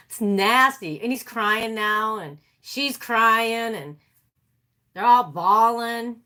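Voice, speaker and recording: A woman hosts a casual livestream and chats animatedly with her viewers. Her voice sits a little high and sounds bright and sharp. She talks freely and breaks into laughter often. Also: extremely slow, long pauses. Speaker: livestream host.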